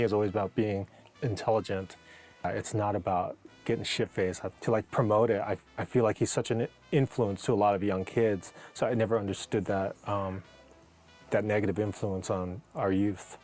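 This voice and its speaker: A man gives earnest, halting views in a documentary interview. His voice sits slightly low. Faint music plays behind him. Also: fairly even intonation, darkish tone. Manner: earnest, hesitant with fillers.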